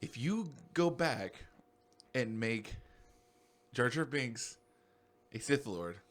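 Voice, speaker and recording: A young man talks through a podcast conversation at an average pitch, in a loose, rambling way. He gets excited, piles on swear words and chases his own train of thought. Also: slow. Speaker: podcast co-host. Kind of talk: casual podcast chat.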